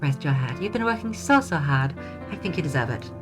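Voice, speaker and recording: A woman's voice: low-pitched, animated, a little fast, over music, pitched above the performer's own voice. A woman doing a sweet, doting princess. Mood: tender. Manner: soft, coaxing, affectionate. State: slightly hoarse. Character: sweet, doting young princess, playful and tender. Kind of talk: reading a visual novel aloud.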